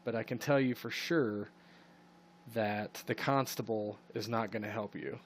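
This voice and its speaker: A man's voice: on the low side, steady tone, unhurried, slight background noise, lightly acted. A man voicing a ragged young boy beggar locked in a cell, bargaining in a matter-of-fact way during a tabletop game.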